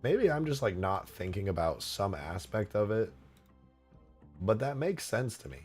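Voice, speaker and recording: A young man live-streaming as a game modder, thanking viewers for tips, excitable and swearing, straining a tired voice. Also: on the low side, unhurried, husky, faint music behind. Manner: excitable, swearing, laughing between lines.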